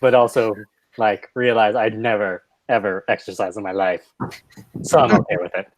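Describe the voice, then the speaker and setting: A man's voice: lowish voice, moderate pace. A man playing in a tabletop game, joking and playful. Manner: playful, laughs often. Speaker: player. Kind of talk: casual tabletop play.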